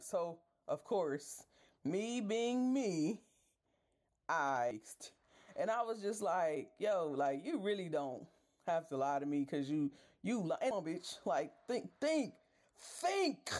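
A woman's voice: low-pitched, lively intonation, slow pace, a little mellow. A woman podcast host telling a story in a casual rant, exasperated, swearing freely and talking straight to her listeners.

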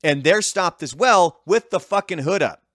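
A man's voice: high-pitched, lively intonation, normal speed, fairly bright tone, no echo. Laid-back man ranting in a dry room. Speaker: podcast co-host. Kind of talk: casual chat. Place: El Paso.

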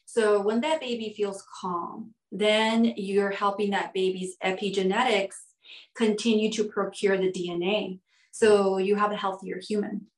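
A woman's voice: mid-range voice, steady tone, unhurried, echoey room, low-quality recording. A woman guest on a podcast interview, explaining her points through strings of rhetorical questions. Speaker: guest expert.

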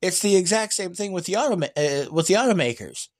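A fast-talking man with a high voice, he's an EV news vlogger going off casually about electric cars. Expect animated, emphatic rants, lots of fillers and restarts, and a rambling, opinionated flow.

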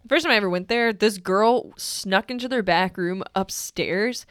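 A young man with a clear, smooth voice tells a story on a casual podcast. He speaks in a relaxed, easygoing way, and the sound is dry and close. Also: sits high, moderate pace, dry recording. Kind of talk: casual chat.

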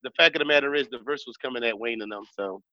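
Casting: brash male podcast co-host, bright lively tone, dry dull recording. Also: medium pitch, very fast, no echo. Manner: animated, profane, switches to mimicking voices. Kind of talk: casual chat.

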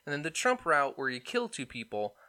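A young man co-hosting a podcast, ranting excitedly about politics and mocking people in put-on voices. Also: a little high, fairly quick. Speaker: podcast co-host. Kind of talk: casual political banter.

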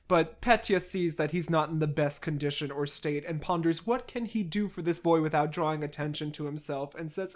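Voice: mid-range voice, moderate pace. Wry podcaster recapping a classic novel. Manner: wry, with sarcastic asides to the characters. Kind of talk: casual book recap.

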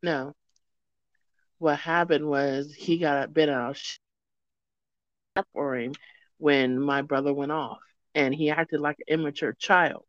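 A woman rambling through a personal story in a relaxed podcast chat. Her recording is dry and a little dull, as if the mic cuts off the high end. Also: unhurried, pauses often, dry recording. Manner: rambling, chatty.

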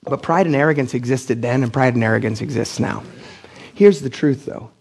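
A man's voice: mid-range voice, normal speed, gravelly, darkish tone, breathy edge. A middle-aged man from Pennsylvania preaching a casual, blunt sermon as pastor, acting out the people he quotes with big jumps in his voice. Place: church.

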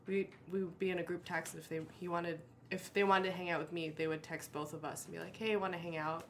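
A woman's voice: on the low side, flat delivery, fast, slight background noise. A woman guest telling her story in a hesitant, filler-heavy way. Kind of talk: casual chat.

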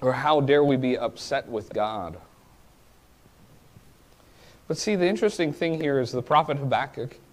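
A male preacher giving a sermon, rising to pleading cries and then dropping to quiet, reflective asides. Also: medium pitch.

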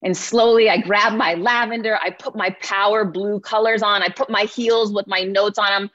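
Energetic woman giving a motivational talk. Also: mid-range voice, moderate pace. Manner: energetic, often checks in with "right?". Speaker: keynote speaker. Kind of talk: motivational speech. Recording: slightly muffled lo-fi sound.

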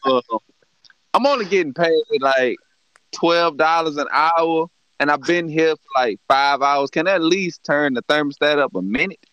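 A man voicing a weary, underpaid male henchman who whines and pleads with his boss, a bit lower than his own voice. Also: moderate pace, a bit bright, clean tone, no echo, highs cut off, lightly acted. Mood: pleading. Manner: whiny, pleading.

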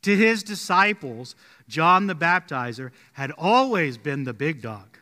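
A man preaching a sermon as pastor, telling stories and dropping his voice low and slow to stress key points. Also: sing-song, in a large hall. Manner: storytelling, drops quiet and slow on key points. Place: church sanctuary.

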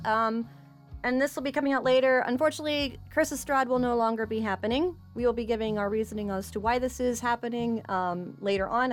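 A woman hosting a tabletop game stream as its game master, chatty and stumbling over her words. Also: a little high. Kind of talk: tabletop stream intro and announcements.

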